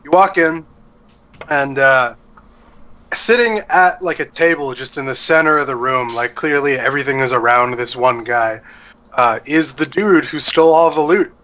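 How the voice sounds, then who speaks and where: A man's voice: mid-range voice, moderate pace, bright, forceful tone. A young man narrating as dungeon master in a loose, rambling way, full of fillers. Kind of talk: narrating a tabletop game. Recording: dull lo-fi sound.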